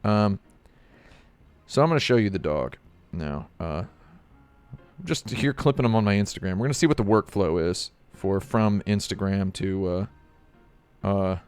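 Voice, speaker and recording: A man's voice: fairly low pitch, expressive, moderate pace, darkish tone, clean tone, faint music behind. A man streaming live, chatting casually and rambling with jokey asides to his chat.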